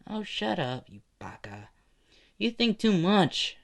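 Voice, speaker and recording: Fan storybook: man doing a squeaky little boy god, cheeky and whiny, high and bouncy. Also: very animated, slow pace, creaky, exaggerated voice. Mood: scolding. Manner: high, bratty and chattering.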